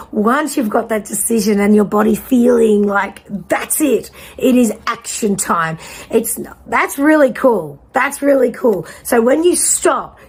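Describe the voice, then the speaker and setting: A woman giving a pick-a-card tarot reading in a blunt, casual way, swearing freely and pausing to guide the listener. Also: mid-range voice, creaky, darkish tone, slightly rough. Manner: casual, conversational with guided pauses. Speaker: tarot reader.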